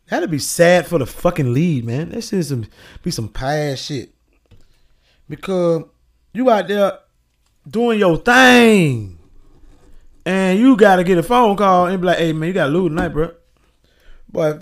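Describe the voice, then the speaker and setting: Podcast host, male, high gravelly voice, unhurried, profane and freewheeling. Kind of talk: casual rambling monologue.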